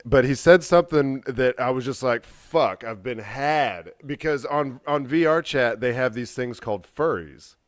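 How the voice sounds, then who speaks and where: A man's voice: medium pitch, normal speed, few pauses, no echo. A young adult man casually telling a long, profane story on a podcast, acting out quoted dialogue. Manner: rambling, profane, animated retelling with quoted dialogue. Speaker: podcast co-host.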